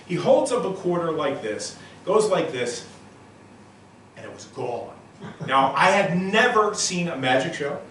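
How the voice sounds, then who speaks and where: A man in his sixties delivers a live motivational lecture and works the audience with stories and direct questions. His delivery is animated and punchy, in a voice pitched a little on the high side. The sound is very reverberant and picked up from well back, with a faint hiss underneath. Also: unhurried. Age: 60s. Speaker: motivational speaker. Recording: very echoey room, voice from a distant mic.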